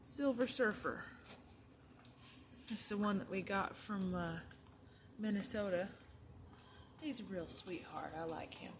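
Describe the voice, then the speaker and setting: A woman giving a relaxed, chatty tour of her rabbit barn as a breeder, pausing now and then between thoughts. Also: mid-range voice. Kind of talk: casual walkthrough narration. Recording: noisy barn ambience. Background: barn ambience noise.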